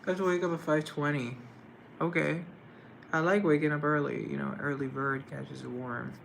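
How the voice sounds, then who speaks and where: A man's voice: fairly high pitch, fairly even intonation, normal speed, gravelly, a bit bright, a little hiss or hum, low-quality recording. A young man hosting a casual livestream, rambling and self-deprecating as he reads and answers viewers' comments. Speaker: livestream host.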